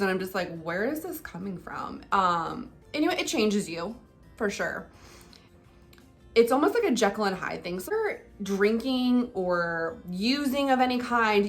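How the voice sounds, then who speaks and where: A woman's voice: on the high side, a bit bright. A young adult woman talking candidly in a casual vlog, conversational and full of fillers like "like" and "um". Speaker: vlogger. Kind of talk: casual personal vlog talk.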